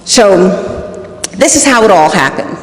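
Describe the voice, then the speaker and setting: An earnest woman hosts a motivational talk and tells a personal story, leaning on repeated phrases. Her voice sits mid-pitch for a woman. It rings with a long reverb, as if recorded in a large hall. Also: animated, measured pace. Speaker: host.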